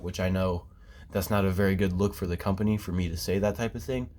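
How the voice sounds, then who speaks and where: A man with a very low voice vents in a loose, rambling rant. He swears constantly and trips over fillers and restarts as he tells his story. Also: fast talker, a little mellow. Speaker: former basement waterproofing worker. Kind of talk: casual profane rant.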